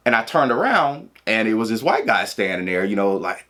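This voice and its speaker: A man tells a personal story in a loose, casual way. His voice is fairly low but has a bright, forceful edge. He laughs often and acts out what people said. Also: moderate pace. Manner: animated, laughing and acting out quotes. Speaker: vlogger telling a personal story.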